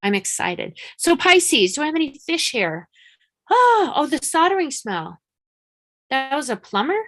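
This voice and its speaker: Woman, psychic medium, live-stream chat; fairly high voice, frank and urgent, repeats for emphasis. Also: sing-song, moderate pace, a bit bright. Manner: frank and chatty, swears casually.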